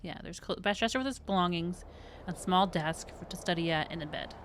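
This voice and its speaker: A woman's voice: on the low side, fairly quick. Woman, game master, patient rule explainer, laughs often, faint hiss behind. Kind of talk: running a tabletop game.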